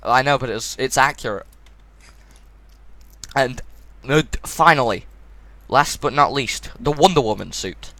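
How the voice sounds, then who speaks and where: A man's voice: medium pitch, expressive, unhurried, long pauses, pushed and bright, dry recording. A man reviewing a film in casual chat. He is blunt and mocking, and he steers the discussion.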